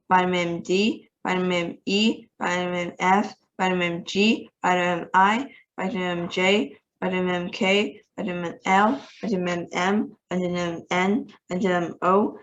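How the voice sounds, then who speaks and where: A woman reading a children's novel aloud as the host of a reading channel, with lively and expressive narration. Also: on the low side, muffled recording. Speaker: storybook reader.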